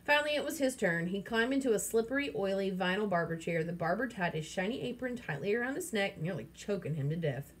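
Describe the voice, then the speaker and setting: A woman's voice: mid-range voice, animated, quick pace, few pauses, slightly rough. A woman reading a children's novel aloud and casually stopping to explain the story. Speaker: reader.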